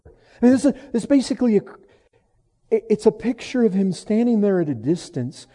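A man preaching a sermon, moving from hushed, low passages to raised, emphatic lines. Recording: long hall reverb.

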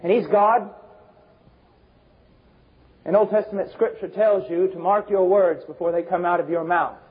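A man preaching a fervent sermon, swinging between shouted emphasis and low, intense passages. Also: moderate pace, slightly rough. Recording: dull lo-fi recording.

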